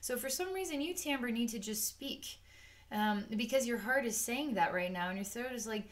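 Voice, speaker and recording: A woman's voice: a little high, animated, moderate pace. Woman psychic reader; rambling, filler-heavy delivery that drifts into quoted asides. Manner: rambling and unscripted, with many "um"s and "like"s; acts out the chakras in quoted asides. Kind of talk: spoken energy-healing session.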